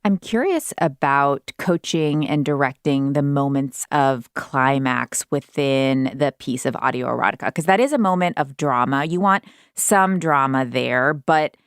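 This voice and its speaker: A woman's voice: very deep voice, lively intonation, unhurried, clean tone, dry recording, clean studio sound. A woman hosting a radio interview, asking curious, conversational questions. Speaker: host.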